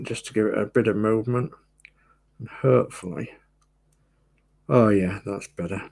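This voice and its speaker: Male host, gravelly, unhurried, chats and mutters through a model build. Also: mid-range voice, darkish tone. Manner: chatty, muttering to himself as he works. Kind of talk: casual chat while building.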